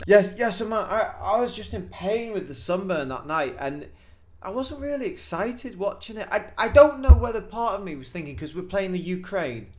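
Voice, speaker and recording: Lively lad telling stories. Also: male voice, high-pitched, normal speed. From North Wales. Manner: animated storyteller, says "mate" and "man" often. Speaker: podcast co-host. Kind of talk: casual chat.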